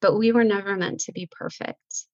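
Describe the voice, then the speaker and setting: A woman's voice: mid-range voice, normal speed, darkish tone, no room sound, highs cut off. A middle-aged woman telling a heartfelt faith story as a guest, breaking into laughter. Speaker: guest author. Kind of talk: emotional faith conversation.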